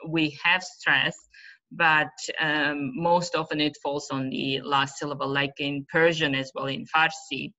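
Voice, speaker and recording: A woman gives an online webinar on teaching. She talks slowly in a low, bright voice and often stops to search for a word. The call audio is muffled and lo-fi. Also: little pitch movement. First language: Uzbek. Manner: hesitant, many fillers, loses her thread. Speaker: webinar presenter, teacher trainer.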